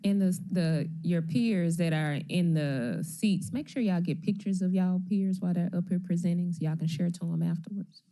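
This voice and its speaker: A woman's voice: lowish voice, normal speed, hardly any pauses, warm tone. Casual woman chairing a meeting. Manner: casual, friendly, informal. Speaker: committee chair. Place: council chamber.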